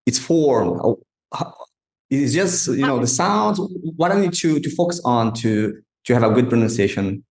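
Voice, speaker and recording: A man's voice: medium pitch, expressive, normal speed, a little mellow, echoey room. A man hosting a podcast, asking interview questions hesitantly, restarting often and searching for words. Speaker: podcast host.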